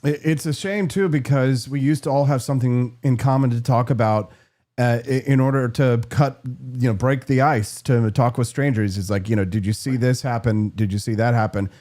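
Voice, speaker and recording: A man's voice: medium pitch, moderate pace, darkish tone. A man hosting a talk show, playful and joking in casual chat. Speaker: show host.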